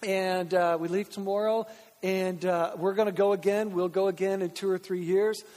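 A man's voice: sits high, fairly even intonation, normal speed, darkish tone. A man, a pastor from Canada, preaching a conversational sermon with joking asides and acted-out dialogue. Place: church sanctuary. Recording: church hall reverb.

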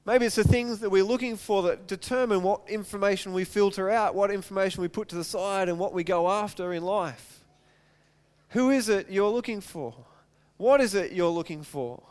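A man's voice: high-pitched, moderate pace, a little mellow, clean tone. A man preaching a sermon, retelling a scripture story and asking his listeners repeated questions. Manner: reads scripture aloud, then preaches with repeated rhetorical questions. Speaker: pastor.

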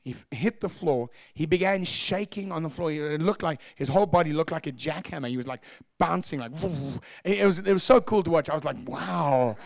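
A man preaching a sermon as pastor, telling stories in an animated way and acting out voices. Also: on the high side, fast talker, gravelly, hardly any pauses, dry recording, studio quality. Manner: animated, acts out voices, laughs at own stories. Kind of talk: sermon storytelling.

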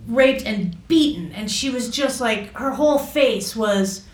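Halting woman in an echoey room. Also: fairly high pitch, expressive, distant mic. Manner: halting, many fillers and restarts. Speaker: guest recounting a personal experience. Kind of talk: personal storytelling.

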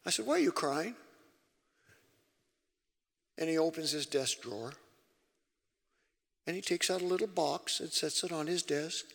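A man preaching to an audience in an emphatic way, breaking into sudden loud, high outbursts. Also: normal speed, vocal fry, long pauses. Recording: long reverb of a large hall.

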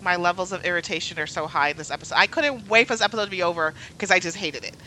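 A woman's voice: on the low side, racing, bright, forceful tone, slight background noise, poor audio. A woman in a casual podcast chat, talking bluntly and with open exasperation. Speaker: podcast co-host.

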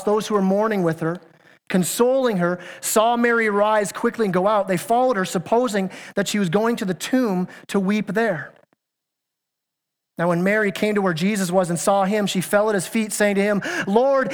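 A high-pitched man preaches a sermon as pastor in a church sanctuary, earnest and emphatic. He fires question after question at his listeners and sometimes stumbles into restarts, with the church hall's long reverb trailing his words.

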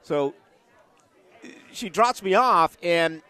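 A middle-aged man from Boston chatting casually about sports, telling animated stories with lots of restarts. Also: high-pitched, extremely slow, smooth. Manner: animated storyteller, restarts often, acts out quotes.

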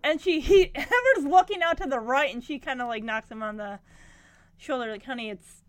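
Woman, casual episode recap, chatty, rambling, high voice, dry close sound. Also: expressive, normal speed, no room sound. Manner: chatty, rambling, lots of fillers.

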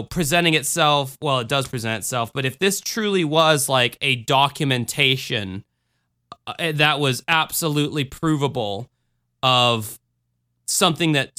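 Young guy on a podcast, bright clear voice, swears a lot and rambles through stories. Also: mid-range voice. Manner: rambling, profane, animated storytelling. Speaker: podcast co-host reviewing a book. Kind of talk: casual chat.

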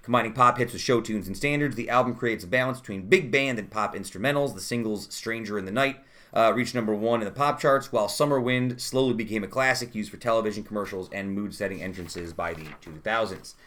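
A man's voice: on the low side, a bit bright, a little hiss or hum. Chatty man hosting a podcast. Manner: chatty, quick asides, reads trivia aloud. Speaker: podcast host. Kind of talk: casual chat.

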